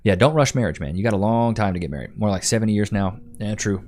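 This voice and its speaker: Laid-back man with a low voice. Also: fast, a little mellow. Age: 30s. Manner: laid-back, slangy, calls viewers bro and dude. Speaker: livestream host. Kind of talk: casual livestream chat answering comments.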